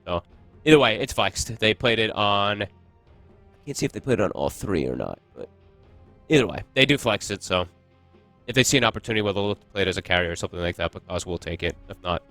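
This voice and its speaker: A man's voice: lowish voice, animated, fast talker, sharp tone, no echo, faint music behind. A man casting an esports match, chatty and analytical, thinking aloud as he breaks down the picks. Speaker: esports caster. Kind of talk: casual esports commentary.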